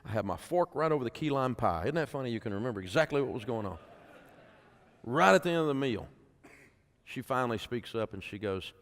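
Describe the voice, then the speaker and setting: A middle-aged man speaks to a conference crowd in a folksy storytelling manner, often turning to the audience with questions. His pitch is mid-range for a man. The sound carries a long reverb from a big hall. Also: lively intonation, fairly quick. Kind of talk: speech to an audience.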